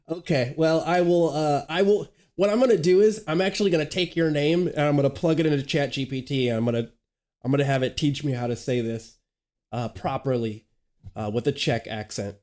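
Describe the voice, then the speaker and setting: Young man, gaming streamer, slightly high voice, casual rambling chat, laughs a lot. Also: a little fast, a little mellow. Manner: chatty, laughing, stumbling restarts. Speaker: sim racing streamer. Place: home gaming setup, late night.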